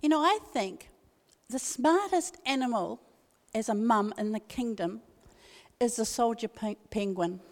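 This is an older woman, speaking high in her range. She tells humorous stories with lively, animated delivery. Her voice carries a long reverb, as if filling a large hall. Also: unhurried. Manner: lively, animated anecdote teller. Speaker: guest speaker. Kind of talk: humorous storytelling talk.

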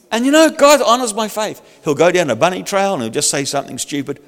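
An older man preaching a sermon in a lively, humorous, conversational way. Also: high voice, fast, hardly any pauses, long reverb tail. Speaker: pastor.

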